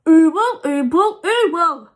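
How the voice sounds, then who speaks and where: A woman voicing an excitable male tree creature who speaks high and loud, mumbling through a mouthful of toffee. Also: moderate pace. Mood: alarmed.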